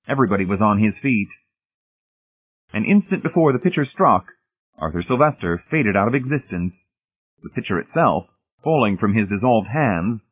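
A man with a husky voice narrating a story, reading steadily and shifting voices for the characters. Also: fairly low pitch. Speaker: audiobook narrator. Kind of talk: scripted narration. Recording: tinny phone-like audio.

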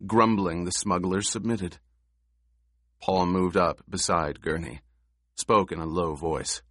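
Deep slow male narrator reading a novel aloud, dry sound. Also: steady tone, fairly bright tone, dry recording. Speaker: audiobook narrator. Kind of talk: scripted narration.

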